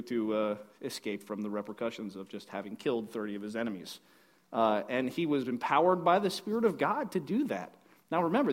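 Man, high voice, casual Bible storytelling, animated, acts out characters, joking asides. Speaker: Bible teacher.

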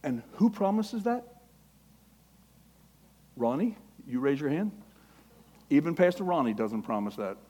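A man preaching a sermon with passion, quoting scripture and acting out prayers, his voice rising when he gets excited. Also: on the high side, measured pace, long pauses. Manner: impassioned, quotes scripture, acts out prayers.

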